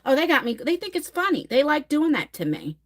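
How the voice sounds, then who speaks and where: Woman, forties, live-stream host, lively storyteller, slightly higher voice, casual cursing. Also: fairly quick. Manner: animated, dramatic storytelling, swears casually. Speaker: livestream host. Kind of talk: casual live-stream chat reading comments.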